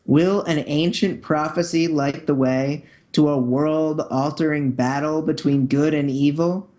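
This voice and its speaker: A man's voice: a little high, fairly even intonation, unhurried, a little mellow. A man hosting a podcast in casual chat, upbeat and jokey, often restarting and repeating words as he talks. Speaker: podcast host.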